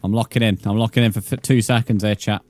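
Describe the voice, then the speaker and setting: A man's voice: fairly low pitch, steady tone, quick pace, a little mellow, faint music behind. A man in his twenties, streaming a game live and chatting casually with viewers, swearing often. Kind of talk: casual live gameplay commentary.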